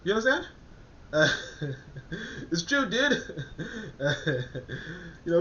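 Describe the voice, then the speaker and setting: Man, high voice, AAVE, rambling and stammering, muffled lo-fi audio. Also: takes it slowly, pauses often, slight background noise. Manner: animated, rambling, frequent stammered restarts. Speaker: commentator reviewing a document. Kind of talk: casual commentary with reading aloud.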